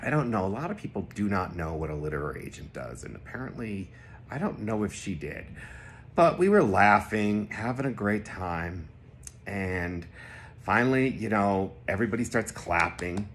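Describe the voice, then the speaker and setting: A man casually telling a personal anecdote to the camera, animated and jumping into high voices when he quotes people. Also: moderate pace, a little hiss or hum. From Connecticut. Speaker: vlogger telling a personal story.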